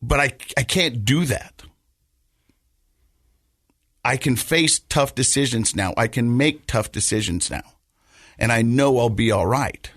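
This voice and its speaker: A male podcast host telling a personal story in casual conversation, haltingly, often repeating words as he goes. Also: medium pitch, a bit bright, dry recording, clean studio sound. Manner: halting, repeats words while telling, laughs through lighter moments.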